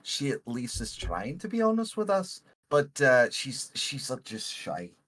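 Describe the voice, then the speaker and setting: A man playing a character in a tabletop role-playing game, talking gruffly and swearing in character. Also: medium pitch, huge pitch swings, measured pace, a bit bright. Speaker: player.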